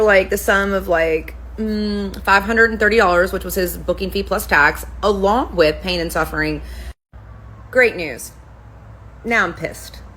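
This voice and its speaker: A woman's voice: medium pitch, fairly bright tone, rough recording. A woman who runs a spa, telling a story to camera in a casual, profane rant. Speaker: spa owner, permanent makeup artist.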